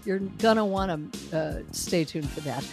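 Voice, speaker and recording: A woman's voice: fairly low pitch, moderate pace, a little mellow, faint music behind. Sardonic woman talk host. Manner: sardonic, opinionated, laughs at her own jokes. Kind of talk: opinion commentary.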